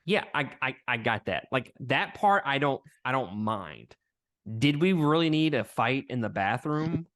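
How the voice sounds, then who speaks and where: A man's voice: medium pitch, sing-song, unhurried, a bit bright. A man co-hosting a podcast, chatting bluntly about a film and laughing often. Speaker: podcast co-host. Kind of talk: casual movie review chat.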